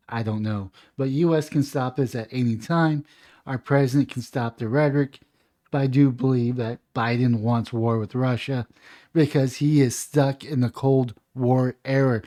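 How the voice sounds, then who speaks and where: A man's voice: mid-range voice, dark tone. A man giving an opinionated political commentary monologue, reading news aloud and then ranting emphatically about it. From United States.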